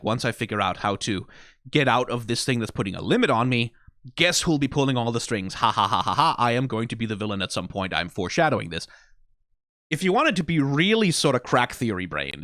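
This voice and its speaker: A man casually reviewing songs, animated and quick to laugh, who swears freely. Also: medium pitch, no room sound, clean studio sound. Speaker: song reviewer. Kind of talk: casual commentary.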